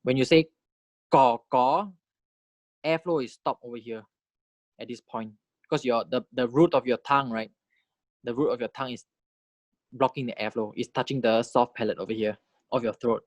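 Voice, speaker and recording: A man teaching a phonetics lesson, explaining consonant types in a patient, explanatory way, demonstrating sounds slowly and checking in with "right?" and "okay". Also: mid-range voice, steady tone, dry recording. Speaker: language teacher. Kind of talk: phonetics lecture.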